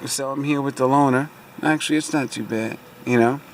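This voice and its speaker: A man's voice: mid-range voice, fairly even intonation, a little fast, a little hiss or hum. A man telling a long, rambling story about a car dealership mix-up in a casual vlog, sitting in a parked car and airing his frustration. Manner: rambling, repeats fillers like "so anyway"; aggrieved, venting frustration. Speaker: car vlogger.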